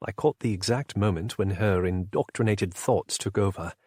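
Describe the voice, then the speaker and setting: A man narrating a first-person audiobook in a measured, brooding way. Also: on the low side, darkish tone, slightly rough, no echo, studio quality.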